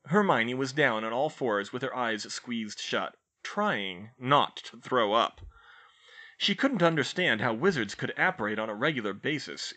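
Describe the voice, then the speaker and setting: A man reading fan fiction aloud as an expressive audiobook narrator. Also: mid-range voice. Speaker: audiobook reader.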